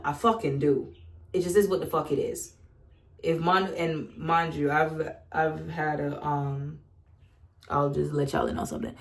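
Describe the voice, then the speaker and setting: A woman's voice: deep voice, gravelly. A young woman from the South, talking bluntly and with lots of swearing in a candid casual monologue. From Southern United States. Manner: blunt, profane, animated. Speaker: vlogger. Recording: echoey room.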